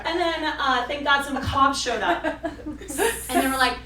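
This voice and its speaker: A woman performing a stand-up comedy set on a club stage, animated and self-mocking, breaking into loud yelled bits. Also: high voice, unhurried. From suburban Detroit. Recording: roomy club sound from a distance with crowd. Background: audience laughing.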